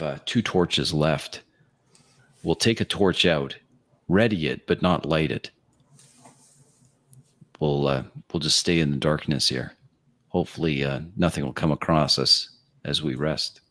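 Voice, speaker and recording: A man playing a character in a tabletop game, calm and in character. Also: a bass voice, a little slow, long pauses. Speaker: player.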